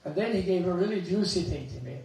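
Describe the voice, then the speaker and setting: A man giving a Buddhist talk, an animated storyteller with chuckling asides, recorded in a temple hall. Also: high voice, fast talker. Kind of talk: dharma talk with anecdotes. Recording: echoey hall, mic at a distance.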